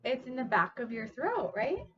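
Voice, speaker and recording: A woman's voice: a little high, sing-song, moderate pace, sharp tone, husky, dull audio. A woman speech therapist demonstrating speech sounds, speaking patiently and encouragingly as she coaches a child. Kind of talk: instructional demonstration.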